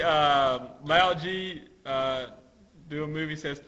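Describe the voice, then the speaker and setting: A young man co-hosting a gaming podcast, casually recapping manga panels and breaking into loud acted quotes. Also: a little high, unhurried. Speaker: podcast co-host. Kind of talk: casual chat about manga. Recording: lo-fi podcast audio.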